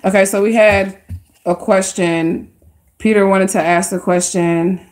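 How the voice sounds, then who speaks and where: A woman's voice: mid-range voice, fairly even intonation, measured pace, a little mellow. A woman giving casual tarot readings on a live stream, speaking straight to her viewers in a chatty, slangy way. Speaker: livestream tarot card reader.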